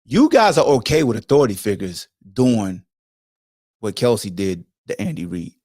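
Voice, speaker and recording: Animated cursing male sports podcast host. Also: lowish voice, moderate pace, no room sound, studio quality. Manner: profane, animated, lecturing. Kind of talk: casual sports commentary rant.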